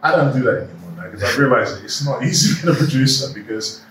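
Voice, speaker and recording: A man's voice: mid-range voice, fast talker, recorded from a distance, slight background noise. A middle-aged man races through his stories, voicing each quoted line with energy. He sits back from the mic in a roomy, echoing space. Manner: animated storyteller who acts out quoted dialogue. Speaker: actor and producer, guest. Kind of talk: anecdotal interview chat. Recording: echoey room, voice off-mic.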